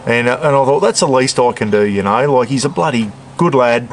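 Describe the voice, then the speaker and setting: A man's voice: medium pitch, lively intonation, fairly quick, slight background noise. Retired Australian man chatting while cooking outdoors. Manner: rambling, easygoing, says "bloody" often. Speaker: cooking vlogger. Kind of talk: casual outdoor camp cooking chat. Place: outdoors at a backyard camp stove.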